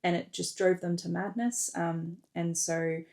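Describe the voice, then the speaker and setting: A woman author talks through her book in a readalong recap, retelling the plot casually with an easy "um" here and there. Her voice sits fairly low and carries a gravelly, creaky texture. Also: steady tone, measured pace, a little mellow.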